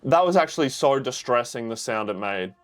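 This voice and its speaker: Animated young man reacting to TV. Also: mid-range voice, brisk, faint music behind. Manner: swearing, yelling at the screen. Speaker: reaction video host. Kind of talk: casual TV reaction commentary.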